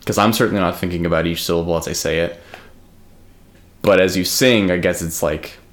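A man's voice: deep voice, brisk. A man co-hosting a podcast in casual chat, rambling with lots of fillers and the odd swear. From United States. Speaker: podcast co-host.

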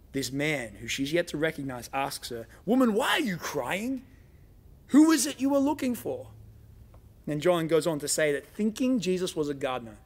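A man delivers a sermon in a dramatic storytelling manner, slipping into the voices of the people he quotes. His voice sits a little high and has a gravelly edge. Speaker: pastor.

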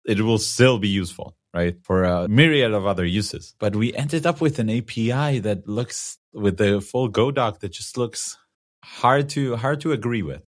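A man's voice: lowish voice, moderate pace. A man co-hosting a casual tech podcast, talking in a conversational, opinionated way and laughing easily. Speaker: podcast co-host.

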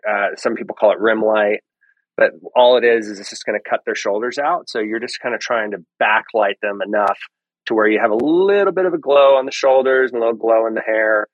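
A man guest on a podcast, explaining in a relaxed way with frequent ums and restarts. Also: lowish voice, a little fast, lo-fi sound. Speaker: lighting guest. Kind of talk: casual podcast interview.

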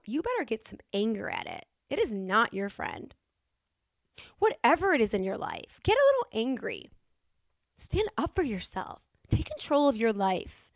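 A woman's voice: a little high, no room sound, clean studio sound. A woman hosting a solo motivational podcast, talking in a candid, emphatic way, cursing at times and restarting her sentences. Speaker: podcast host.

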